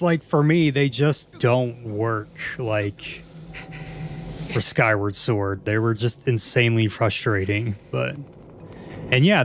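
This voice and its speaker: A man's voice: medium pitch, a little hiss or hum. Laid-back male game streamer. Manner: laid-back, chuckling, rambling restarts. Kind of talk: casual gameplay commentary, answering chat.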